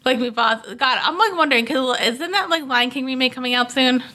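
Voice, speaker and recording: A woman's voice: sits high, fairly quick, sharp tone. A young woman co-hosting a casual cartoon review chat, chatty and playful, with lots of fillers. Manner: chatty, many fillers, playful put-on voices. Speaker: co-host reviewing a cartoon episode.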